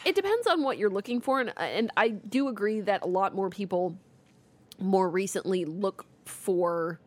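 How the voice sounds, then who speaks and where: A woman's voice: medium pitch, animated, moderate pace, darkish tone. A woman co-hosting a podcast in casual chat, easygoing, reading out listener emails. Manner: easygoing, chuckling, reads listener mail. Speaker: podcast co-host; site editor.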